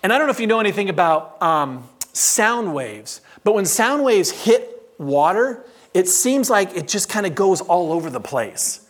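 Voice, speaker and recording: A man preaches through a personal story in front of a live audience. His delivery is animated and humorous, and his pitch swings widely as he builds scenes. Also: normal speed, few pauses. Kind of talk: sermon storytelling.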